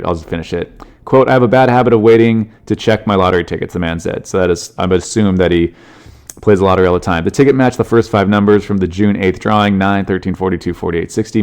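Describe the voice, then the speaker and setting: A man hosts a solo comedy podcast, riffing loosely on odd news stories. He rambles, jokes and swears freely in a somewhat low voice. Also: clear, resonant tone. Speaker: podcast host.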